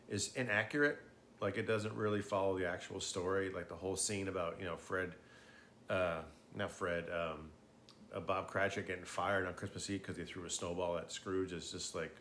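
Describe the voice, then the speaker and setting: A man with a fairly low voice rambles casually, slightly tipsy, swearing often and restarting his sentences. He trails off with fillers as he goes. Faint background noise sits behind him. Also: steady tone, normal speed, a bit bright. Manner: meandering, profane, frequent fillers and restarts. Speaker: host.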